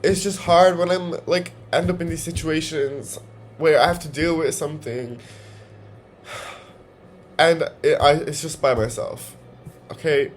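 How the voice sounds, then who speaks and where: A young man talks to his camera at home in a confessional vlog, his voice sitting a little high. He speaks haltingly and emotionally, swearing often. A faint hum of room ambience sits behind him. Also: fairly even intonation. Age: young adult. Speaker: vlogger.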